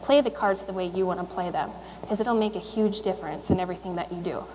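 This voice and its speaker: A woman's voice: lowish voice, fast talker, darkish tone, long reverb tail, slight background noise, rough recording. A woman in her thirties, an athlete giving a motivational speech at a school in a conversational way, with fillers and restarts. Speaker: guest speaker, Olympic speed skater. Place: school assembly.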